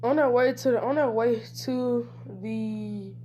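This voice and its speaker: Woman, casual fan-story retelling, rambling, slangy, self-correcting, slightly high voice. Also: fairly even intonation, unhurried, muffled recording, a little hiss or hum. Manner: offhand slangy speech. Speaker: YouTube storyteller.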